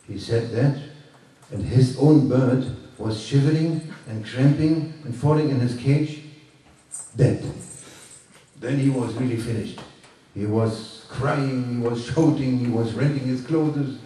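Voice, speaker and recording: A man's voice: medium pitch, mellow. Man telling a story in a roomy hall. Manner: halting, repeating, moralizing asides. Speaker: workshop storyteller. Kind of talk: telling a teaching story to a group. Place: workshop room. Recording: echoey room from far off.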